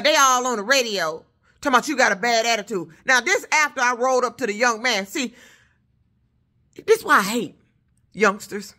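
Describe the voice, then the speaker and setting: A truck driver woman rants in a loud, high voice. She tells her story with heat and plenty of cussing. Her tone is bright and forceful. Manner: loud, heated, profane storytelling. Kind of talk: casual vlog rant.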